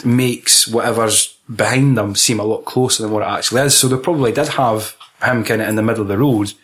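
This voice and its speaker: A man's voice: fairly low pitch, steady tone, fairly quick, a bit bright. A man with a Scottish accent, co-hosting a casual film chat, swearing freely and laughing often. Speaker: podcast co-host.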